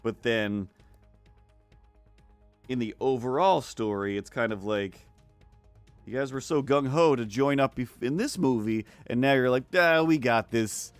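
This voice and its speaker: A man of middle pitch who talks casually while drawing on a stream. He rambles in loose, restarting sentences and often drops into silly voices. The sound is dry and close, with faint music underneath. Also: unhurried, pauses often, smooth, no room sound. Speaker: art streamer.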